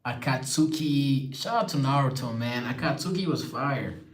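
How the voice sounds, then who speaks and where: In an echoey room, a young man runs a casual livestream, reading viewer comments aloud and answering them chattily. His voice is medium in pitch and his pace is moderate.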